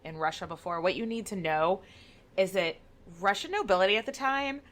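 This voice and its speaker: Bright-voiced chatty woman podcaster. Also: mid-range voice, lively intonation, a little fast. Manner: chatty, wry, swearing. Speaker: podcast co-host. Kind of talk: casual chat.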